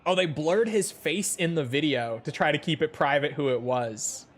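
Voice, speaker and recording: A man's voice: a little high, normal speed. A man streaming casually, reacting to a clip in an amused, chatty way and laughing often.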